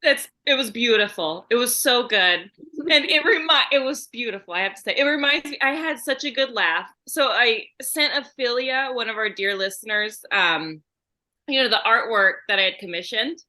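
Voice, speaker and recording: Bubbly woman podcast host, bright, slightly high voice, laughing, rambling. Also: lively intonation, moderate pace. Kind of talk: casual chat.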